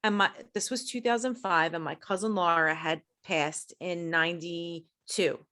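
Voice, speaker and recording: A middle-aged woman, guesting on a podcast, tells a personal story in an interview. High-strung and fast-talking, she's animated, acting out quoted voices with big pitch jumps when she quotes herself.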